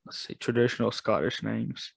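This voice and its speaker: A man's voice: on the low side, moderate pace, creaky, husky, dry recording. A man co-hosting a podcast in casual chat, joking, laughing often and trailing off into restarts. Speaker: podcast co-host. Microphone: studio podcast mic.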